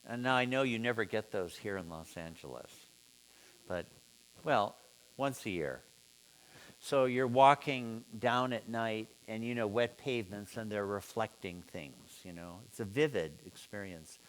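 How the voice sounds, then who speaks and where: A man leading an informal seminar, musing aloud and putting questions to his students in a relaxed way. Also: on the low side, a little slow, smooth. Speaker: seminar teacher.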